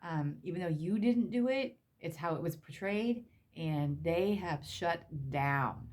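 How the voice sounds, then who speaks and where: A woman's voice: fairly low pitch, lively intonation, measured pace, darkish tone, slight background noise. A woman giving a tarot reading, emotional and repetitive, swearing casually as she talks. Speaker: tarot reader.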